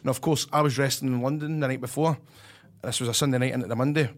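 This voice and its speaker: A man's voice: mid-range voice, steady tone, quick pace. A Scottish man in his thirties, co-hosting a casual chat, telling stories with swearing and teasing. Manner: storytelling, swearing, teasing and laughing. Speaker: podcast co-host.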